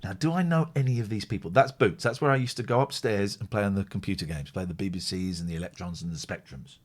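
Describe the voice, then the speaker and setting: A man's voice: sits low, fast. A man hosting a live call-in stream, chatting casually and reading viewer comments aloud.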